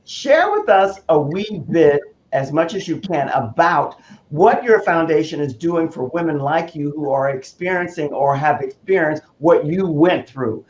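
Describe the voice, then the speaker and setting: A man's voice: on the high side, expressive, a little slow. A man hosting an interview, encouraging and emphatic as he steers his guest with questions. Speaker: talk show host. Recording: roomy, dull sound with faint noise.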